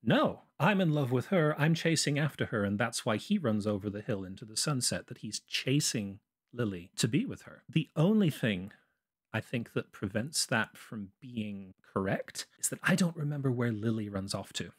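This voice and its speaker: Husky man recounting movie scenes. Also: lowish voice, expressive, moderate pace. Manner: detailed, methodical scene recounting. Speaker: podcast co-host. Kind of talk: casual movie review chat.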